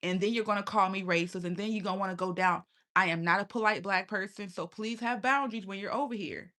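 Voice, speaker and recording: A woman's voice: mid-range voice, quick pace, fairly bright tone. A young adult woman talking casually and bluntly on a livestream, often profane and laughing. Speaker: live streamer.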